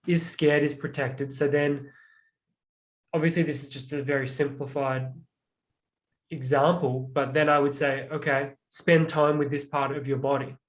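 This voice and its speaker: A man's voice: mid-range voice, little pitch movement, normal speed. A young man, a transformational coach, explaining with many "like" fillers and acted-out examples in an earnest, reflective way. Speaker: transformational coach, podcast guest.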